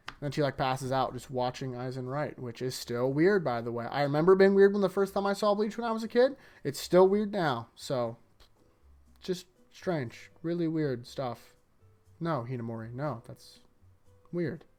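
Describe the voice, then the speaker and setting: A man's voice: mid-range voice, normal speed, clear, resonant tone, faint music behind. A man casually recapping anime episodes in a rambling, jokey way, jumping into voices. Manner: animated, jokey, with voiced impressions. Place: indoors in front of a green screen.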